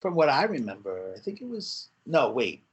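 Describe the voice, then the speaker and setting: A man in his forties with a light New Jersey accent, reminiscing in lively casual chat on a podcast. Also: mid-range voice, normal speed, husky, dull audio.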